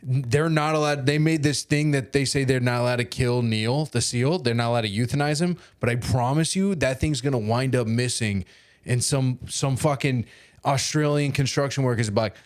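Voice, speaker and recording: Guy on a comedy podcast, average pitch, swears a lot, joking around. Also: moderate pace, dry recording, clean studio sound. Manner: loose, profane, joking. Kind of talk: casual chat.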